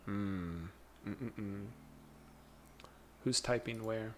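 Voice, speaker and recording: A man streaming his stock trading live, talking to himself and chat in a muttered running commentary that repeats phrases and breaks into sudden excited bursts. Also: mid-range voice, moderate pace, slight background noise.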